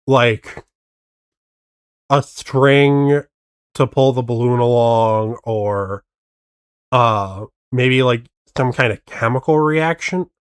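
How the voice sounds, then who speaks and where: A man chats slowly and skeptically as he reacts to a video on stream, working out how each trick was done. His voice is close and dry, with no room sound around it. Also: medium pitch, clear, resonant tone, dry recording. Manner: skeptical, picks apart tricks. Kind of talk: casual reaction commentary.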